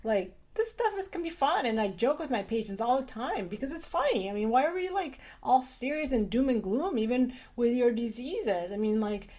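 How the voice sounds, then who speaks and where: A woman's voice: a little high, sing-song, moderate pace, hardly any pauses, mellow. A middle-aged woman, a doctor, chatting casually and animatedly with many fillers. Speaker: urologist, guest. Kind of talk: casual conversation.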